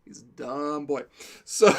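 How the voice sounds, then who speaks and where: A man chats through a story on a live stream, his voice sitting a bit high and swinging widely in pitch. He talks nonstop, laughs as he goes and slips into quoted voices. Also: lively intonation, slow pace, creaky, fairly bright tone. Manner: talkative, laughs through the telling, acts out the quotes. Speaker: stream co-host. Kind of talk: comic anecdote on a live stream.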